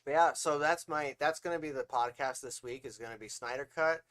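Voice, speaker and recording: A man's voice: mid-range voice, a little fast, fairly bright tone. A man co-hosting a casual livestream podcast as an author, rambling and swearing freely between laughs.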